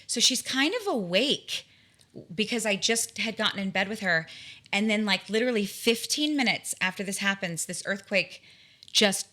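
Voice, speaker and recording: A woman in her forties with a bright, clear voice, speaking as an interview guest. She tells her stories in an animated, vivid way, restarting her sentences now and then as the details rush in. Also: mid-range voice, normal speed. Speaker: guest, tarot reader and spiritual guide. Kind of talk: conversational storytelling in an interview.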